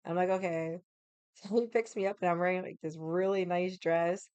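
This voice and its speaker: A woman with a raspy voice from losing it, telling a casual story with lots of fillers, acted quotes and loud laughs. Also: fairly low pitch, fairly even intonation, moderate pace, dry recording. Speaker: vlogger.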